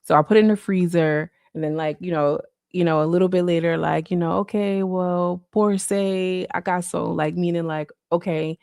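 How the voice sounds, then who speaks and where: Gravelly-voiced woman rambling on a live stream. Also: low-pitched, steady tone, quick pace, few pauses, a little mellow, dry recording, studio quality. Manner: rambling, loose, full of "like" fillers. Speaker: livestreamer. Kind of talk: casual live-stream chat. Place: at home.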